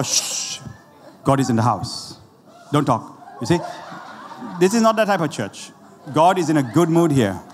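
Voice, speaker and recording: A man preaching a lively, conversational sermon, laughing often and talking straight to the congregation, with a Sri Lankan accent. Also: high-pitched. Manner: animated, laughing often, asides to the audience. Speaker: pastor. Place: church hall. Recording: roomy church hall with faint ambience.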